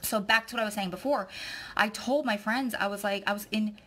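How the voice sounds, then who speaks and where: A woman's voice: mid-range voice, fairly quick, fairly bright tone. A woman vlogging, talking in a rambling, effusive way that often turns tearful. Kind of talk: rambling emotional vlog chat.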